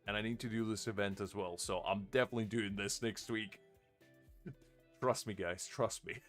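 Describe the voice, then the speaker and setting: A man's voice: lowish voice, steady tone, normal speed, fairly bright tone, faint music behind. A man chatting casually on a live game stream, rambling and laughing at himself. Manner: rambling, self-mocking, laughs often.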